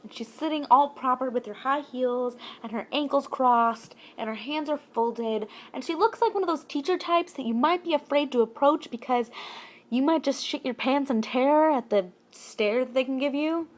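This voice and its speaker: Woman vlogger, high voice, expressive and jokey storytime telling. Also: normal speed. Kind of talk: casual storytime narration.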